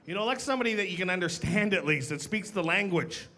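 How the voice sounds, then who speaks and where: A man's voice: sits high, expressive, fast talker, sharp tone. Upbeat man doing stand-up on stage. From Canada. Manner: punchy, playful delivery with voiced impressions. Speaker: stand-up comedian. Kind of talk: stand-up comedy set. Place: comedy club stage with live audience. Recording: live club recording with audience laughter.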